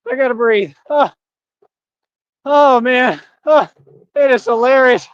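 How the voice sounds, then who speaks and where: A man's voice: very high-pitched, takes it slowly, clear, resonant tone, no room sound, lo-fi sound. A man live-streaming while walking outdoors, rambling and laughing constantly, repeating himself.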